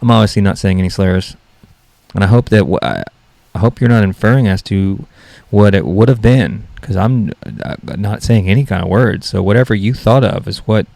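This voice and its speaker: A man's voice: lowish voice, moderate pace, creaky, dark tone, no echo. A young man hosting a solo comedy podcast, rambling and mocking himself as he jokes. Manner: rambling, self-mocking, jokey. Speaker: podcast host.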